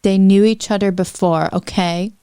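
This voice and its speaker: A woman's voice: medium pitch, steady tone, moderate pace, dark tone, clean tone, no echo, studio quality. A woman hosting a podcast, reading fanfiction aloud with wry, apologetic asides.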